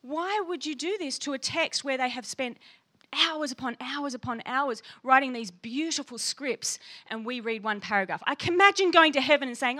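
Animated woman preaching a bright sermon. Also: sits high, moderate pace. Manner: animated, passionate, asks the congregation questions; teacherly, acts out little voices for quoted people. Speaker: pastor.

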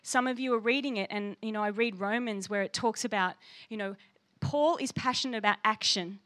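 A woman's voice: medium pitch, fairly quick, fairly bright tone. A woman pastor preaching a sermon with passion and emphasis, reading scripture aloud.

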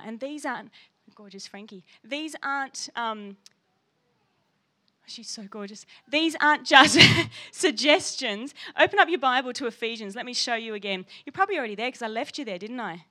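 Bright, passionate woman preacher. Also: on the high side, expressive, fairly quick. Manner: passionate, emphatic preaching with laughs. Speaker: pastor. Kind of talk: sermon.

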